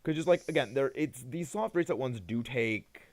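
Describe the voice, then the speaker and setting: A tired young man, yawning, chats casually on a live game stream in a mid-range, animated, darkish voice at a moderate pace. He rambles and hesitates, often restarting his sentences.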